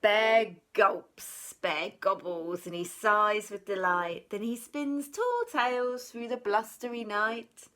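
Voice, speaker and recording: A woman teacher reading a children's storybook aloud, expressive and sing-song. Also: medium pitch, takes it slowly, hardly any pauses.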